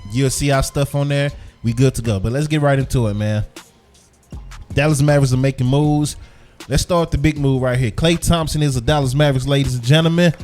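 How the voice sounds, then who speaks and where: Over soft background music, a man with a steady, slightly mellow mid-range voice talks fairly quickly. He hosts a sports podcast in a loose, casual style, repeating himself and chewing gum as he speaks.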